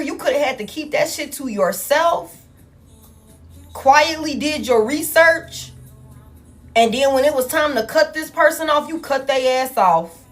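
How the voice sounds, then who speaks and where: A woman doing a tarot reading for her viewers in casual, blunt, profane talk, calling them y'all. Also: high voice. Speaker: tarot reader. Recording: soft music in the background.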